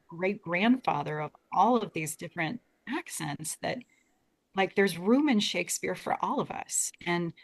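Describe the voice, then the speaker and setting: A young American woman, a guest talking earnestly about Shakespeare in a casual interview, often restarting her words. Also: fairly low pitch. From United States. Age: young adult.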